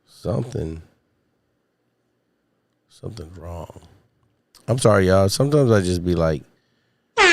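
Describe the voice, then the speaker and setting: A man's voice: low voice, expressive, measured pace, gravelly, pauses often, background noise. A man hosting a casual solo livestream, rambling and swearing as he chats to viewers, his voice still worn from a recent illness. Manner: rambling, profane, chatting to viewers. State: recovering voice after illness. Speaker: podcast host. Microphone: studio mic with podcast mixer.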